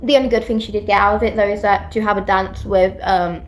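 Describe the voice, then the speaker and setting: A woman with a British accent chatting through a casual book recap, retelling the story in an animated way with quick asides. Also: mid-range voice. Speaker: book vlogger.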